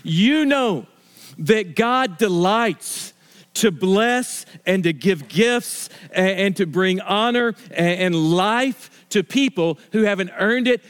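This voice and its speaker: A middle-aged man, a pastor, preaching a sermon in a conversational, story-telling way, with restarts and slow stresses on key words. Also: high voice.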